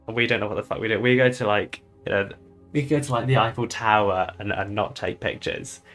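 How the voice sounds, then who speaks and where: A man's voice: on the low side, a little fast, fairly bright tone, faint music behind. A young British man chatting casually on a live stream, loose and swearing often with laughing asides. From United Kingdom.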